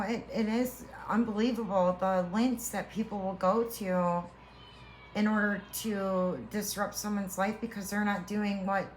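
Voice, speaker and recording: A woman tarot reader with a medium-pitched voice gives viewers an earnest, heartfelt spiritual reading, reassuring them. Her delivery is halting, and she keeps restarting her sentences. There's slight background noise.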